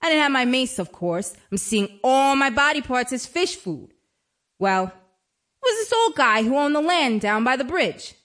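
A woman's voice: high voice, very animated, moderate pace, a bit bright. A woman telling a story in a chatty, wry, conversational way. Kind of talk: dramatic storytelling monologue.

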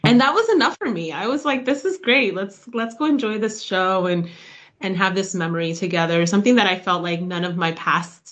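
A woman guest on a radio interview, telling a personal story in a lively, heartfelt way. Her voice sits in a middle range and she speaks casually, with laughter breaking in. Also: medium pitch, a little fast. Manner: animated, emotional retelling with laughs.

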